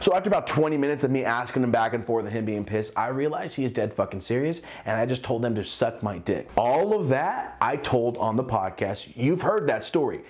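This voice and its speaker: A man's voice: mid-range voice, a little fast, hardly any pauses. A young man telling a personal story in a casual vlog, swearing often and acting out the other voices in the story. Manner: profane, animated, acts out quoted voices.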